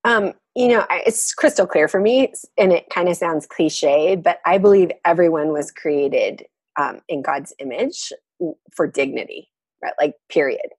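Woman, casual talk, laughs often, husky, dry close sound. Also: deep voice, moderate pace, no echo. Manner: warm, laughs often, reflective. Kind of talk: casual conversation.

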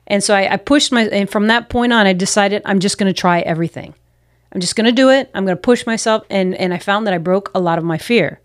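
A woman's voice: mid-range voice, quick pace, no echo, clean studio sound. A missionary pastor, a woman, earnestly telling personal stories in an interview. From United States. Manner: earnest, reflective, acts out her own past self-talk.

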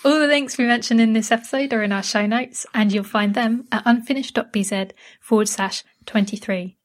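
English woman hosting a chatty podcast, laughs a lot, relaxed. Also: on the high side, fairly quick. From England. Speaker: podcast host. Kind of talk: casual chat.

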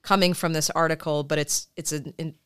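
A woman's voice: deep voice, level tone, fairly quick, fairly bright tone, clear, resonant tone. A woman co-hosting a podcast, a therapist who talks casually and rambles with fillers and restarts. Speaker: podcast co-host. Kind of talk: casual chat.

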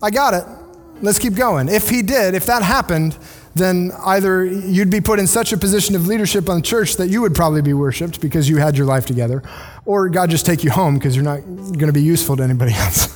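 A man's voice: sits high, fast talker, a little mellow, faint music behind. A male pastor preaching a conversational sermon in a church, often restarting his sentences and acting out quoted voices. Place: church sanctuary.

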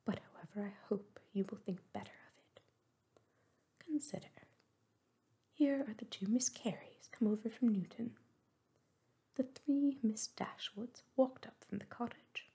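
A hearty country baronet insists on the outing in breathy whispers, as a woman puts him on. The whispered role-play keeps him soft and mellow. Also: on the high side, pitched above the performer's own voice, heavily acted.

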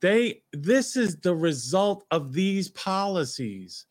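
Man, New York accent, somewhat high voice, emphatic talk show co-host. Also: big pitch swings, slow. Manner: emphatic, opinionated. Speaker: podcast co-host, retired police officer. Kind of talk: casual talk show chat.

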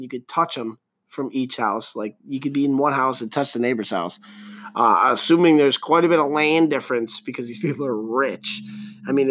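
A man's voice: medium pitch, fairly bright tone. A man in his thirties hosting a solo podcast, rambling casually with lots of profanity and jokes. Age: 30s. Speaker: podcast host.

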